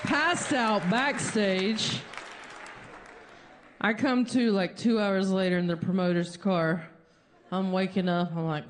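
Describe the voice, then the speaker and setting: A woman telling a long comic story on stage as a stand-up comedian, animated and jumping high in pitch when she acts out quotes. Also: takes it slowly, long pauses, some chatter behind, a little hiss or hum.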